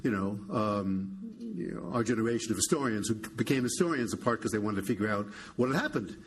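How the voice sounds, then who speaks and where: An older American man, a historian guest, talking in a halting, wry way with many restarts. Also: lowish voice, breathy edge. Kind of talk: conversational public interview.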